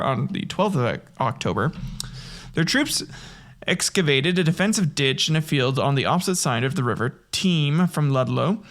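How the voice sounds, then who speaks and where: A man's voice: on the high side, a bit bright. A man hosting a casual history podcast, reading from notes with slips and breaking into profane jokes. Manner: profane, joking, reads from notes with slips and laughs. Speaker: podcast host.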